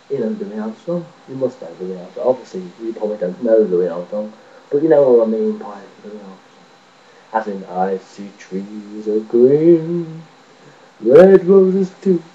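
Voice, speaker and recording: A man's voice: fairly low pitch, moderate pace, dull audio. A man rambling and joking casually to his webcam, swearing now and then and mocking himself. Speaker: vlogger. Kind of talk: casual rambling video chat.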